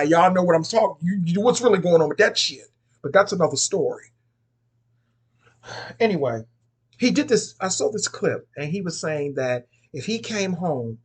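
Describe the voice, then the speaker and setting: A man's voice: fairly high pitch, slightly rough. A man giving casual spoken commentary on occult topics, sassy and chatty, often repeating and restarting his phrases.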